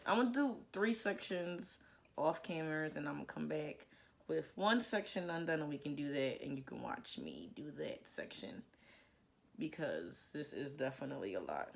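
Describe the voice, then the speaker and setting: Low-pitched and expressive with vocal fry, a young woman talks at a moderate pace through a casual hair care tutorial she's recording at home on a plugged-in microphone. She jokes at her own expense and doesn't hide her nervousness as she works.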